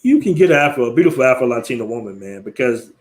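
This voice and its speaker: An American man hosts a casual live stream with a mid-range voice. He talks in loose, animated slang and laughs easily as he goes. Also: mid-range voice, quick pace. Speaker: livestream host.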